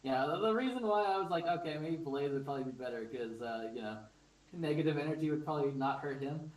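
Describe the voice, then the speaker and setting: A man's voice: on the high side, fast, low-quality recording. A man speaking as a player in a tabletop game, casual and thinking aloud.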